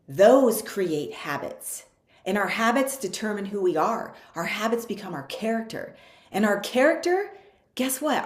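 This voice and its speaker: A woman giving an earnest, conversational motivational talk who acts out her listeners' objections. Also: fairly low pitch. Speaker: speaker on a coaching call. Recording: echoey room.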